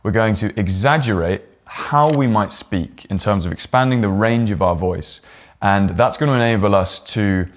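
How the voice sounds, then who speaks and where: A young man with a fairly low voice coaches his viewers straight to camera. He talks in a casual, friendly teaching way and now and then slips into broad, swooping demonstrations of his own intonation. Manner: demonstrates exaggerated pitch swings and rising or falling inflection. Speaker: presentation coach. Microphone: talking straight to camera.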